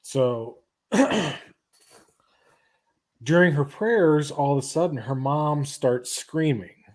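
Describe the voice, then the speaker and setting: A man hosts a podcast in easygoing chat, his pace slow and unhurried. He pauses often and restarts phrases as he retells the story. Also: on the high side, lively intonation, darkish tone. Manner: halting retelling of a comic's plot. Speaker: podcast host. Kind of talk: casual chat.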